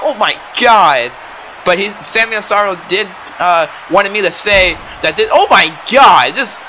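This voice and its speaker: A young man doing excitable play-by-play wrestling commentary, often exclaiming and addressing the audience. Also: high voice, a little hiss or hum, low-quality recording. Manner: excitable, keeps exclaiming and saying ladies and gentlemen.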